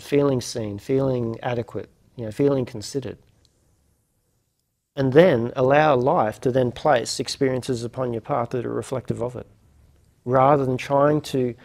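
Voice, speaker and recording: A man's voice: medium pitch, steady tone, unhurried, creaky, darkish tone. A man hosting a reflective lecture series, musing aloud with many fillers and restarts. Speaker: host of a non-duality lecture series.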